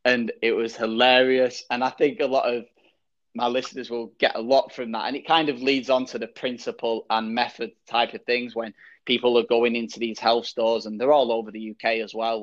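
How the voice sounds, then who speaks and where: A man hosting a podcast interview, relaxed and swearing casually. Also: medium pitch. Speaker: podcast host. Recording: dull lo-fi sound.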